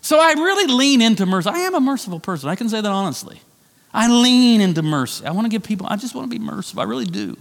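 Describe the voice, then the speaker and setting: A middle-aged man preaching a sermon as pastor, conversational and animated, with self-deprecating asides. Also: high-pitched, fast, creaky, long reverb tail. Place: church sanctuary.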